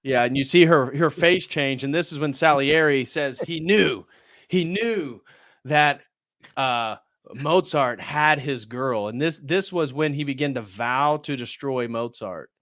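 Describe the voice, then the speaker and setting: A man's voice: medium pitch, measured pace, fairly bright tone, dry recording, clean studio sound. A man hosting a casual movie review on a live stream, retelling scenes and now and then acting out the characters' lines. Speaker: host.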